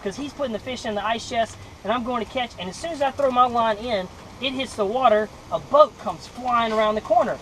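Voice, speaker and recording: A young man from Mississippi, telling a lively personal story in a devotional talk and acting out the voices. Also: very high voice, a little fast, a little hiss or hum, rough recording. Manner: animated storyteller acting out voices, laughing often. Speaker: devotional speaker.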